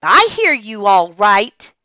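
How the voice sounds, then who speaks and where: A woman voicing a gruff, grumpy old man who barks short, curt replies in a read-aloud storybook. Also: medium pitch, big pitch swings, slow, bright, forceful tone, no echo, muffled recording, pitched above the performer's own voice, full character voice. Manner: barking, curt.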